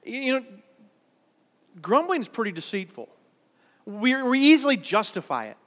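A male pastor preaching to his congregation in a church worship center. His voice is high and bright, and it carries a long hall reverb. He talks in a conversational way and then rises to emphatic peaks. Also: very animated, moderate pace. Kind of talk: sermon.

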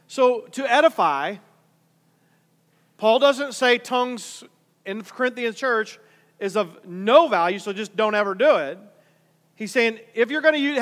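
A middle-aged man preaching a sermon as pastor, conversational, swinging from quiet asides to loud emphatic points. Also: high-pitched. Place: large church hall. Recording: reverberant hall.

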